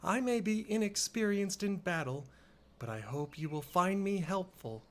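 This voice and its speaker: A man's voice: sits high, expressive, moderate pace, fairly bright tone, pitched above the performer's own voice. A man voicing a courteous, earnest young noblewoman in a formal reading.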